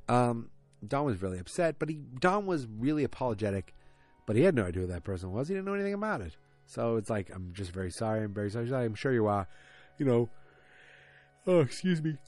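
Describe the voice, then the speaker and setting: A man's voice: medium pitch, a little mellow, no room sound. A man hosting a podcast, recapping an episode in a casual, rambling way with jokes and asides. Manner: rambling, jokey, self-interrupting. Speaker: podcast host.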